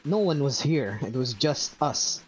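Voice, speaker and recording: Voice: medium pitch, expressive, measured pace, slightly rough, poor audio. A game master voicing a curt, impatient female rival adventurer. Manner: curt, dismissive.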